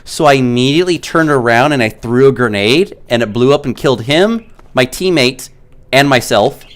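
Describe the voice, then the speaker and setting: Smooth-voiced man telling animated stories. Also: mid-range voice, normal speed. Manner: animated storyteller, many "like" fillers. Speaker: gaming streamer. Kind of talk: casual storytelling while streaming.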